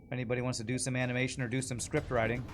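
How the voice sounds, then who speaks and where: A man's voice: mid-range voice, level tone, racing, music in the background. A man chatting casually as he streams a game, rambling and laughing often. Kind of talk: casual gameplay commentary.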